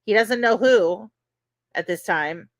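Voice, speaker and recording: A woman's voice: medium pitch, takes it slowly, dry recording. Chatty woman recapping trial testimony. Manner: conversational, many fillers like "you know". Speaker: podcast host.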